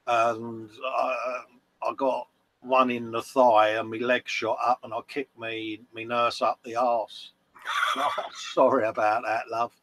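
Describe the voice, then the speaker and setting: A man's voice: mid-range voice, level tone, slow pace, a bit bright, a little hiss or hum, rough recording. An English man telling jokey stories and laughing in casual banter. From England. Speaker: guest on a live stream.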